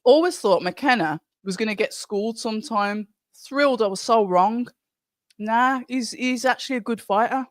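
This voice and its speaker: A woman's voice: on the high side, moderate pace, dry recording, clean studio sound. A middle-aged woman hosting a live stream, chatting casually and reading viewer comments aloud from home. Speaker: livestream host.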